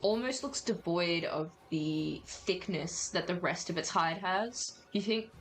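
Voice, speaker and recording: A woman with a fairly low voice runs a tabletop game as game master. She narrates in a relaxed, chatty way and laughs often. Soft music plays faintly in the background. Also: unhurried, low-quality recording.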